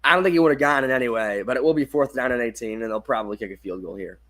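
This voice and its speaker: A man's voice: medium pitch, very fast, a bit bright. A young man doing casual play-by-play commentary for a football livestream, tired and yawning, often correcting himself and apologizing for slips. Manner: casual, self-correcting, apologetic about mistakes. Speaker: fan play-by-play streamer.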